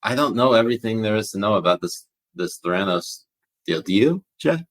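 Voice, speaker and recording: A man with a very deep, low voice co-hosts a laid-back podcast. He talks loosely and profanely, trailing off and restarting as he reads out viewer questions. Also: animated, brisk. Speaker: podcast co-host. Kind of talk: casual podcast chat.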